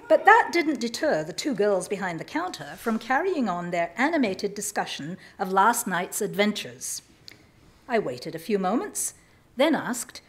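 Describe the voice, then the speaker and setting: Woman reading her funny story out loud, voice swoops up and down a lot. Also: mid-range voice, measured pace. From southern England. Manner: lively, self-mocking storytelling. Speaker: writer reading her work. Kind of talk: reading a humorous personal story aloud.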